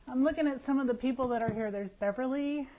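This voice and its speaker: A woman's voice: high-pitched, fast, phone-quality sound. A woman who owns a yarn shop, chatting casually through the week's events on a shop livestream. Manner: chatty, rambling, warm with regulars.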